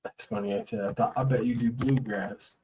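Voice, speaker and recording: A man's voice: mid-range voice, steady tone, fairly quick, mellow, a little hiss or hum, rough recording. Guy rambling on a casual livestream, talky, laughs a lot, from the west coast. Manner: rambling, chatty, laughs often. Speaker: livestream host. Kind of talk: casual live-stream chat.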